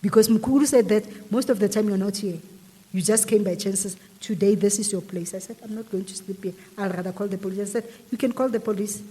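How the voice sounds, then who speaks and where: A woman's voice: mid-range voice, fairly even intonation, brisk, dark tone, big-room sound. A woman guest animatedly retelling a personal story in an interview, acting out the dialogue. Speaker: guest telling her story.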